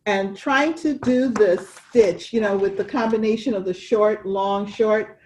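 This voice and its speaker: Woman co-host, unhurried, rambling friendly stitch talk. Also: mid-range voice, fairly even intonation, darkish tone, slight background noise, rough recording. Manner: chatty, wandering, with restarts and laughs. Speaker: cross-stitch podcast co-host. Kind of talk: casual chat showing stitching.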